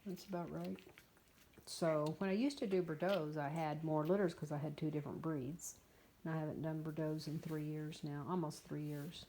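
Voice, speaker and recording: A woman's voice: deep voice, level tone, normal speed, warm tone, a little hiss or hum. A woman in her fifties, a dog breeder, chatting casually and bluntly about her puppies at her kennel, with exasperated asides. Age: 50s. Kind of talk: casual vlog chat.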